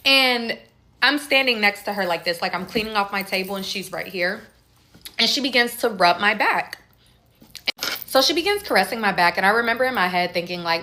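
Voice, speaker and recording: A woman telling a casual storytime, animated and acting out the voices of the people she quotes. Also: medium pitch, moderate pace. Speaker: storytime creator.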